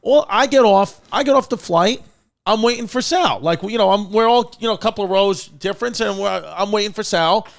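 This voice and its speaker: A man co-hosting a podcast, telling a story in a lively, casual way, acting out the quotes and laughing. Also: sits high, brisk. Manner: lively, acts out quotes, laughs while talking. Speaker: podcast host.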